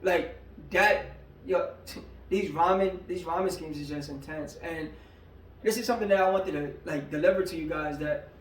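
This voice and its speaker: Man, rapper, high voice, slangy laid-back talk, echoey room, a bit off-mic. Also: moderate pace, distant mic. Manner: slangy, laid-back, heavy on filler words. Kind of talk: casual breakdown of his own lyrics.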